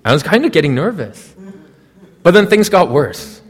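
A man with a high voice preaches a sermon as a story, speaking straight to his listeners. His voice carries a long reverb, as if he is in a large hall. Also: very animated, normal speed, husky. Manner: storytelling, addresses listeners directly. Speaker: pastor.

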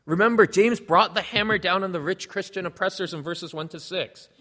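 Male pastor, earnest teaching sermon, higher voice, reverberant hall sound. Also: a little fast, pushed and bright. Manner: earnest, explanatory, reads scripture aloud.

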